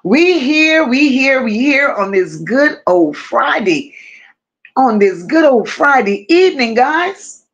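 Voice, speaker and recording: A woman hosting a casual livestream, greeting her chat one by one with drawling, affectionate shout-outs. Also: sits high, big pitch swings, slow, lo-fi sound. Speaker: livestream host.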